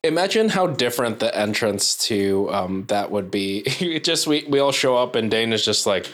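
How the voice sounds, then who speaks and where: A man's voice: fairly low pitch, animated, moderate pace, hardly any pauses, fairly bright tone. A man joking around in a casual podcast chat, hesitating with ums. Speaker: tabletop game player.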